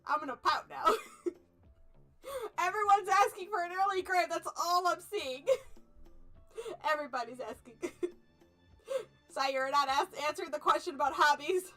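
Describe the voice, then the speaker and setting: Bright, animated young woman streamer. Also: very high-pitched, moderate pace, faint music behind. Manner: animated, laughs often, playfully mock-angry. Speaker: VTuber streamer. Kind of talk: playing and reading an otome game aloud, chatting with viewers.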